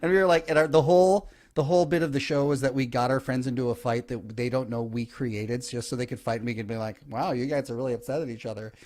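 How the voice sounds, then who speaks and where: A man who is a guest comedian, telling stories in an animated, casual way. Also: medium pitch, quick pace, hardly any pauses. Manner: animated storyteller, laughs often. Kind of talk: casual chat.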